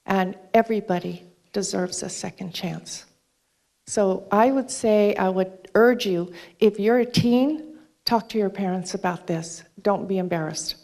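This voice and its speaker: A woman's voice: mid-range voice, vocal fry, darkish tone. A woman giving a talk onstage, earnestly retelling a conversation by quoting each exchange. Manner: earnest, retells dialogue with quick quoted exchanges. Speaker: speaker at a charity talk event. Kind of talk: storytelling talk to an audience. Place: stage before an audience.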